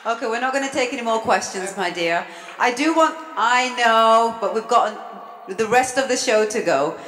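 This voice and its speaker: A woman hosting a live awards show, keeping the audience questions moving in a brisk, directive way. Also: fairly high pitch, expressive, background noise. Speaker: host. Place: large event hall. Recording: echoey hall with long reverb.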